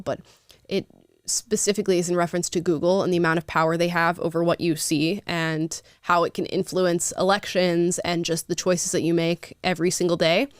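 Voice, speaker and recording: A woman's voice: lowish voice, no echo, clean studio sound. A woman hosting a casual livestream, reading viewer comments aloud with sarcastic asides and frequent laughter. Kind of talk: casual live chat.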